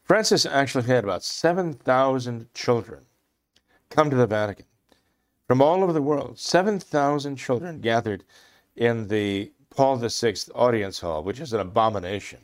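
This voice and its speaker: A man giving impassioned religious commentary, emphatic and repeating phrases for stress, clearing his throat often. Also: medium pitch, animated, moderate pace.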